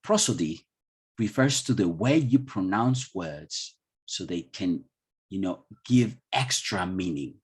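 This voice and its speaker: A man's voice: low-pitched, expressive, slow pace, slightly rough. A man with a Colombian Spanish accent, leading an online IELTS training session for teachers in a chatty way, with many restarts and questions put to the audience. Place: video call.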